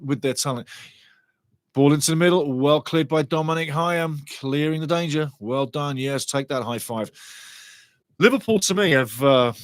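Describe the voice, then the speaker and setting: A fairly high-voiced man calls a football match live as a fan, animated and partisan. He reacts loudly to refereeing decisions and reads out chat messages between plays. His voice sits close and dry on the mic, with no room sound. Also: no echo. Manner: excitable, partisan, reads chat comments aloud. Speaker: fan watch-along commentator. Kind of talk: passionate live match commentary.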